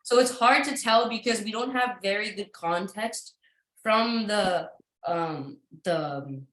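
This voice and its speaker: A woman's voice: medium pitch, takes it slowly, a bit bright, reverberant, poor audio. A woman teaching an English lesson to a class, patient and encouraging, with frequent ums and uhs as she explains.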